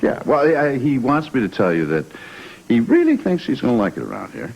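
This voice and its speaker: A man's voice: medium pitch, wildly swooping pitch, brisk, a little mellow, slightly rough, full character voice, low-quality recording. An actor playing a playful man in a 1980s soap opera, teasing and cooing to a pet. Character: playful man, surprise puppy gift.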